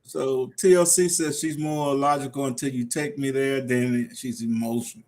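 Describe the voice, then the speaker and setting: A man's voice: mid-range voice, fairly even intonation, normal speed, a little mellow. A man hosting a casual live stream, reading out viewer comments and laughing often. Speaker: livestream host.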